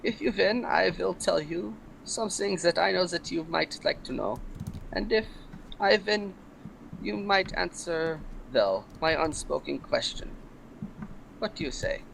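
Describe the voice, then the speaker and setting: A man's voice: high voice, expressive, measured pace, gravelly, fairly bright tone, slight background noise, poor audio. A man playing his character in a tabletop role-playing game, speaking carefully and politely. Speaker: player.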